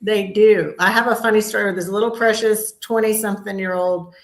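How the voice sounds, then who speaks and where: A woman's voice: medium pitch, fairly even intonation, brisk, reverberant. A woman in her fifties, a comedian guest telling candid stories in a casual interview chat. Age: 50s. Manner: candid, storytelling, upbeat.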